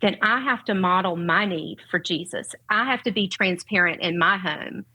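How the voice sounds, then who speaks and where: A woman's voice: on the low side, moderate pace, sharp tone, low-quality recording. A middle-aged woman with a Southern US accent, speaking earnestly and from the heart as a guest on a podcast. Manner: earnest, heartfelt, faith-centered. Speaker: guest, parent and educator. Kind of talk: podcast conversation.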